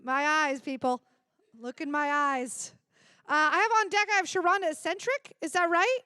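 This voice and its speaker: A woman's voice: high-pitched, moderate pace, pushed and bright, dry recording, clean studio sound. A woman hosting a live comedy show, introducing acts with upbeat, playful patter.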